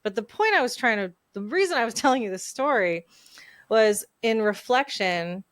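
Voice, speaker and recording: Woman host, forties, smooth clear voice, candid and reflective, dry close recording. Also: fairly high pitch, expressive, no room sound. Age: 40s. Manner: candid, reflective, speeds up and slows down. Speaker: podcast host. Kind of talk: personal storytelling in a conversation.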